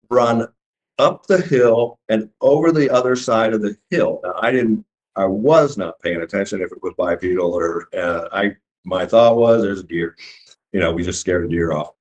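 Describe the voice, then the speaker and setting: A middle-aged man telling his own story in casual speech, halting and full of restarts as he acts out what was said. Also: on the low side. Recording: dull lo-fi recording.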